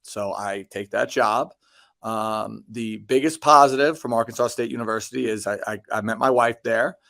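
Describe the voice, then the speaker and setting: A man's voice: on the low side, moderate pace, gravelly, pushed and bright, no room sound. A man in his thirties talks through his career in a loose, rambling way, full of ums and restarts. Dry little jokes at his own expense slip in. The sound is close and dry, with no room around it. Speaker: basketball coach, guest. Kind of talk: casual interview answers.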